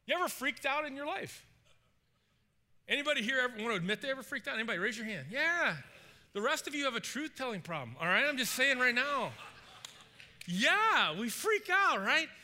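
Pastor, male, bright lively voice with a high, swinging pitch; storytelling sermon, acts out characters and quizzes the room. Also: normal speed. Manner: animated storytelling, acts out characters' panic, asks the congregation questions.

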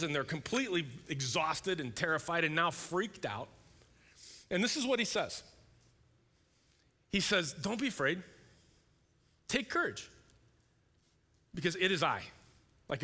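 Guy preaching in a church, chatty and animated, bright forceful voice, big echoey hall. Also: on the high side. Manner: conversational, animated, acts out voices. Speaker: pastor. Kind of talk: sermon. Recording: long hall reverb.

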